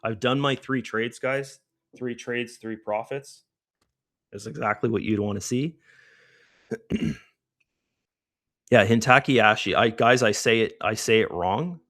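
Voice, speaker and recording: A man's voice: mid-range voice, takes it slowly, long pauses, fairly bright tone, no room sound, studio quality. A middle-aged man hosting a live trading stream, chatty and casual, who keeps checking in with "right?".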